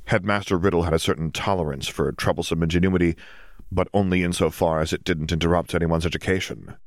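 A man narrating a story in a steady, even reading voice. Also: deep voice, fast talker, no echo, studio quality. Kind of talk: audiobook fiction reading.

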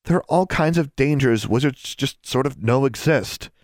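Earnest rule-following schoolgirl, read by a man, high, reproachful, dry close sound. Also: normal speed, no room sound, lightly acted. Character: cautious, rule-minded schoolgirl. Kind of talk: audiobook character voice.

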